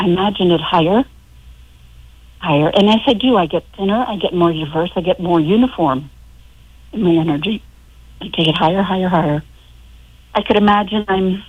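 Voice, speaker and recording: Calm woman guest on a phone line. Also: mid-range voice. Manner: calm, unhurried, instructive. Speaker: radio show guest. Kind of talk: guiding a sound imagery exercise.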